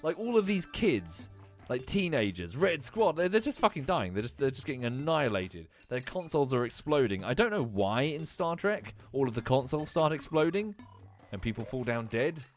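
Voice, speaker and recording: Animated, swearing streamer in his thirties. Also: medium pitch, normal speed, faint music behind. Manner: animated, swearing, frequent restarts. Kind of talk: casual rambling chat.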